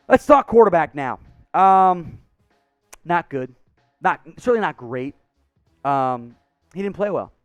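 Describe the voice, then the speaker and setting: A man hosting a sports show, ranting in frustration, his voice going hoarse. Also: sits high, no echo. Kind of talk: fired-up sports commentary.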